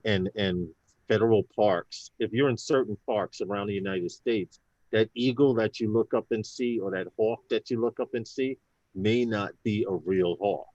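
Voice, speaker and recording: A man's voice: fairly low pitch, a little mellow, no echo, lo-fi sound. A man co-hosting a casual live talk show, telling stories in a chatty way. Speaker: co-host.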